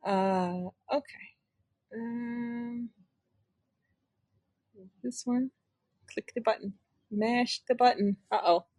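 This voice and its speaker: A chatty female podcast host who laughs easily and narrates what she is clicking. Her voice sits a little higher than most and sounds close and dry, with no room around it. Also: steady tone, extremely slow, pauses often, a little mellow, dry recording. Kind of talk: casual live podcast chat.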